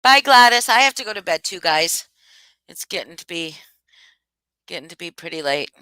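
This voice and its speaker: A young woman with a lowish, forceful voice hosts a casual live chat. She reads her viewers' comments and reacts with animated, exclaiming disbelief. The sound is close and dry. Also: normal speed, smooth, no echo, rough recording. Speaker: livestream host.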